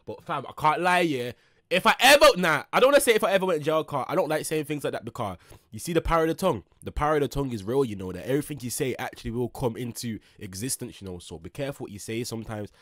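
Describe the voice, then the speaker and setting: A young man giving excitable, slang-heavy reaction commentary as a streamer, swinging between loud bursts and mutters. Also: medium pitch, fast, no echo, studio quality.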